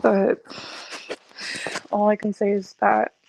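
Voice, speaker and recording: A woman in her twenties venting to viewers in a casual way, tired and stressed, halting and stammering as she restarts her sentences. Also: medium pitch, monotone, creaky, lo-fi sound, background noise. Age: 20s. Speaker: content creator.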